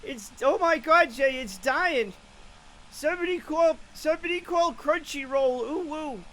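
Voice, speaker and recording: A man putting on a yelling Boston fisherman. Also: extremely high pitch, measured pace, a little hiss or hum, voice pushed up, full character voice, poor audio. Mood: excited alarm. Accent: put-on Boston. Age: 40s. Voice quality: shouty, profane, breathless with excitement. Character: excitable male Boston fisherman.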